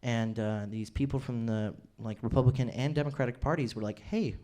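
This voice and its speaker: A man's voice: medium pitch, brisk, mellow. A man in his twenties doing a rambling, self-deprecating stand-up routine on a comedy club stage. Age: 20s.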